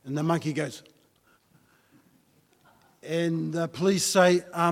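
Slow, high-voiced preacher in a reverberant hall. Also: male voice, creaky. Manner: repeats rhetorical questions to the congregation; tells a joke story in a loose, conversational way. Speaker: pastor. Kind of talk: sermon.

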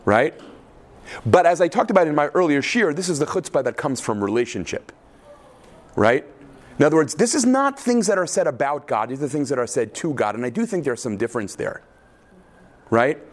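A man teaching a class on biblical texts, talking with an animated, questioning manner and often checking in with "right?". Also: on the high side, moderate pace. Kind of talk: lecture with class discussion.

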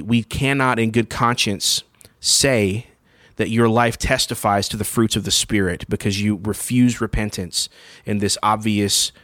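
A man's voice: lowish voice, fairly bright tone, dry recording, clean studio sound. A man preaching a sermon in a conversational teaching style, often checking in with his listeners and restarting phrases. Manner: conversational, checks in with "okay?" and "all right?"; frequent fillers and restarts. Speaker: pastor.

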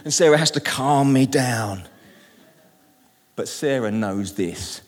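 A middle-aged British man preaching a sermon in a church, lively and humorous, calling out to the congregation. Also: medium pitch, slow. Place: church hall. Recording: long reverb in a large hall.

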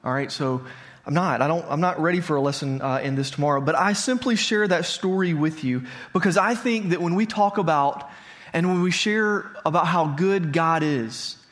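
A man's voice: on the high side, moderate pace, fairly bright tone. Conversational man in his thirties preaching. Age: 30s. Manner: conversational, asks the audience questions. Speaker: pastor. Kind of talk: sermon with personal story. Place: church hall before a congregation.

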